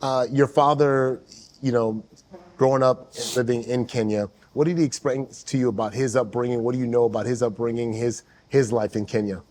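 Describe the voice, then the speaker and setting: A man hosting a podcast in a plain, mid-range voice. He asks his questions slowly and loosely, adding follow-ups as he goes. The delivery is calm and friendly. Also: mid-range voice. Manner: measured, rambling questions. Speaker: podcast host. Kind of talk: interview questions.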